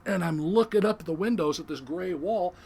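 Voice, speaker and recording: An older man, once a commercial fisherman and now retired, spins a sea story as a podcast guest in animated, casual storytelling, acting out the voices of the people in it. His voice is high, brisk and gravelly with a breathy edge.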